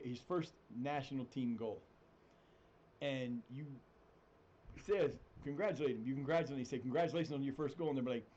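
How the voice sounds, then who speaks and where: Guy rambling on his stream from home, mellow low-key voice, kinda dull audio. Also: slight background noise. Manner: rambling, animated, breaks into high-pitched mock voices. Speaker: streamer playing a football management game. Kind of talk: casual live-stream chat. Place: home room with cats.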